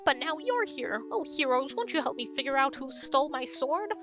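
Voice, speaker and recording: A woman playing a high squeaky fretful mouse. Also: animated, normal speed, music in the background. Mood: pleading dramatic. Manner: melodramatic, pleading. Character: dramatic delicate female mouse, fretful and pleading.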